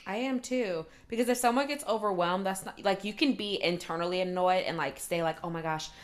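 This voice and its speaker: A woman's voice: medium pitch, a little fast. A woman chatting casually about a reality show, acting out little quoted lines as she goes.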